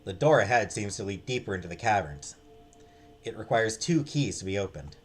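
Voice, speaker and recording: Game voice: a man doing a stubborn young adventurer, urgent and defiant, husky and animated. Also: lowish voice, brisk, soft background music. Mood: determined.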